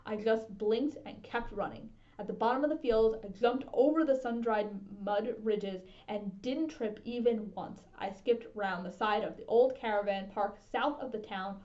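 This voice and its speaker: Casting: woman reading a storybook aloud, fairly high voice, steady and expressive, dull lo-fi recording. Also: moderate pace, hardly any pauses. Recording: dull lo-fi sound.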